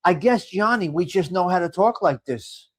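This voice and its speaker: Middle-aged man, livestream host, high voice, rambling chatter with laughs. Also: lively intonation, normal speed. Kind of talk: casual live chat reading viewer comments.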